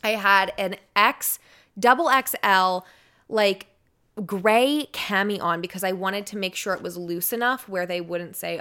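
A woman's voice: medium pitch, unhurried, sharp tone, clean tone. A woman in her twenties, a radio personality guesting on a podcast, telling a personal story in a chatty way full of "like" and "um". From United States. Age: 20s. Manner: chatty, filler-heavy with frequent "like" and "um". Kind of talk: casual chat, personal storytelling.

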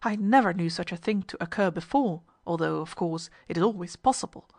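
A woman's voice: lowish voice, fairly quick, a little mellow, dry recording, studio quality. A woman reading a story aloud, voicing an urbane, formal ship's purser who keeps saying sir. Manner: polite, formal, often says sir. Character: urbane, fussy middle-aged male ship's purser.

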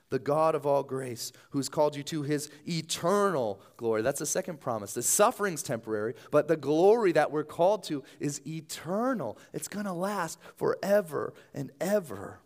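A man preaching a sermon as pastor, earnest and conversational, often dropping to a soft low voice. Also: lively intonation, moderate pace.

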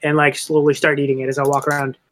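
A man with a fairly high voice plays in a tabletop game, describing his moves in a laid-back, joking way. He talks loosely and casually. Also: completely flat delivery, fast talker, a bit bright. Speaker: player.

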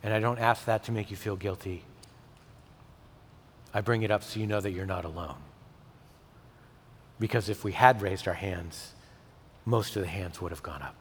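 A man's voice: fairly low pitch, a little hiss or hum. Man preaching in a reverberant church. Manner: dynamic preaching, rising to emphatic peaks and dropping to soft, intimate tones. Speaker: pastor. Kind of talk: sermon. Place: church sanctuary. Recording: long hall reverb.

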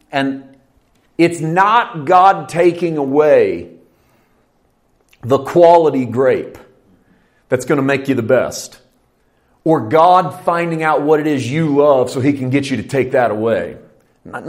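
Conversational male pastor preaching. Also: medium pitch. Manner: conversational teaching with sudden lifts into preacher fervor. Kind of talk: sermon.

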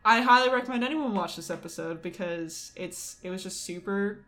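A young adult woman co-hosting a casual chat, rambling and animated, full of fillers. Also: medium pitch, fairly quick.

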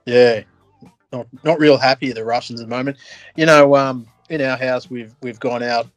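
A man's voice: mid-range voice, steady tone, normal speed, no room sound, faint music behind. A man with an Australian accent, co-hosting a podcast in casual banter, wisecracking and swearing. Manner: wisecracking, laughs often, swears. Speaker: podcast co-host.

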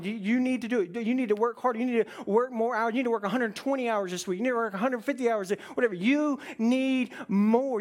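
A pastor preaching a sermon in a lively, conversational way, often checking in with "right?" and acting out quoted voices with sudden shifts in pitch.

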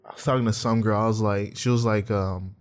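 A man's voice: on the low side, fairly even intonation, a little fast. A young man co-hosting a casual chat, telling profane stories with lots of laughter and acted-out quotes. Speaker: podcast co-host.

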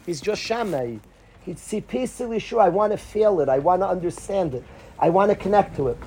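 A male rabbi giving an informal, animated talk full of stories and sprinkled with Yiddish and Hebrew terms. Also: high-pitched, a little fast, husky. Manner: acts out conversations in quoted voices.

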